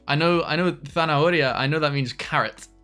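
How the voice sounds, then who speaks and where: A man's voice: on the high side, a little fast, sharp tone, faint music behind. A young British man streaming live, chatting casually to viewers, greeting them by name, laughing often and trailing off mid-sentence.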